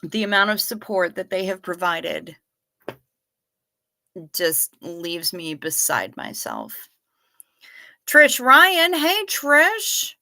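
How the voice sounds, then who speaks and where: Woman livestream host, bright tense tone, slow easy delivery, swears freely, gushes over her viewers. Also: medium pitch, very animated, vocal fry. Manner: profane, effusive, greets viewers by name. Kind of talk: casual livestream chat reading viewer comments.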